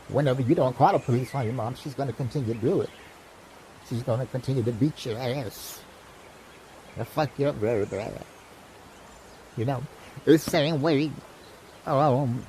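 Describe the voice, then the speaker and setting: A man's voice: mid-range voice, a little slow, long pauses, mellow, a little hiss or hum, low-quality recording. A man delivering an impassioned, profane monologue, lecturing like a teacher and repeating "you know what I mean". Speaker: self-styled teacher vlogger.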